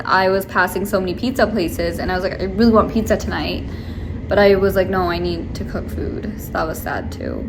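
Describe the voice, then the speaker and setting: A young woman talks straight to her camera in a loose, rambling way, piling up fillers as she vents. Her voice sits in a middle pitch, with a faint hum of room noise behind it. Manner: rambling, venting, many filler likes. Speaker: vlogger. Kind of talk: casual chat to camera.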